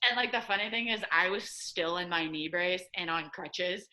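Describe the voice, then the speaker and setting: A young woman with a Midwestern accent, a podcast guest telling a lively story and acting out what people said. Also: moderate pace. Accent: American Midwest. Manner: animated storyteller, acts out quotes with high excited pitch. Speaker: guest, assistant soccer coach. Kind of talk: casual storytelling interview.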